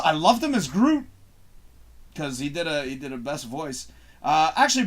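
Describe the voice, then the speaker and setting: A man's voice: fairly high pitch, a bit bright. A man hosting a casual live stream, reading out viewer questions and answering in a loose, profane, rambling way with frequent laughs.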